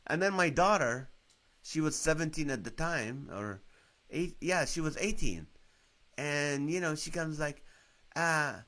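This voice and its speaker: A man's voice: a little high, a bit bright. A middle-aged man hosting a live stream, telling rambling jokey stories to viewers and laughing often. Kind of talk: casual comedic storytelling to live viewers. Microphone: phone or webcam on a live stream.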